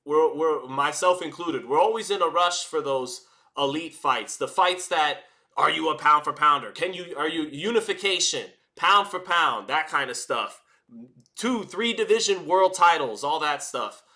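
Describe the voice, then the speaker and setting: A man calling a boxing fight live, chatty and energetic, hosting a watch-party stream and often restarting his phrases. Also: on the high side, unhurried. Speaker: boxing commentator and stream host. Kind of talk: live round-by-round fight commentary.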